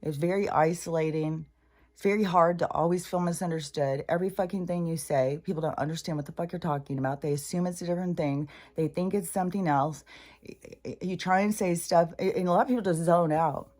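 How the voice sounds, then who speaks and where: A woman's voice: lowish voice, fairly even intonation, fairly quick, darkish tone. An older woman talking in a rambling, profane, casual monologue as a spiritual channeler.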